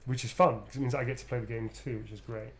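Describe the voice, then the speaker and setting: A man hosting a live game stream in relaxed, casual chat, joking and swearing freely. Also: mid-range voice, fast talker, a crowd in the background.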